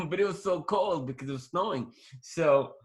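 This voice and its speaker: A man's voice: a little high, moderate pace. A man in his forties, a guest actor telling a long story in an interview, restarting sentences and acting out what people said. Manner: rambling, restarts often, acts out quoted dialogue.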